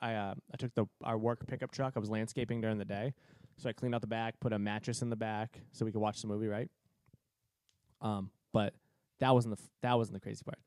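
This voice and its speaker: A man in his twenties from Cape Cod, telling a story in a profane, animated way that is full of laughs. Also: fairly low pitch, a little fast, clear, resonant tone, no echo, clean studio sound. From Cape Cod, Massachusetts. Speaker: podcast co-host. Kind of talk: casual storytelling.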